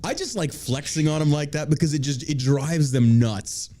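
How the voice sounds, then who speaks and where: A man's voice: a little high, normal speed, dark tone, a little hiss or hum. A man hosting a podcast in casual banter, brash and profane, mocking his critics. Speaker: podcast host.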